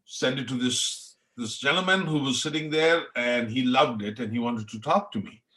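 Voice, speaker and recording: Here the middle-aged chef from India speaks at normal speed in a mid-range voice whose tone is bright and forceful. Appearing as a podcast guest, he relates his story with earnest passion in reflective interview talk, in an Indian accent.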